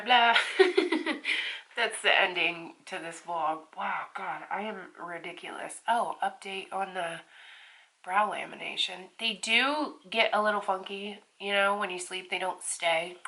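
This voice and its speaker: A woman's voice: mid-range voice, sharp tone. A woman vlogging at home, chatting casually to camera in a rambling, profane, giggly way.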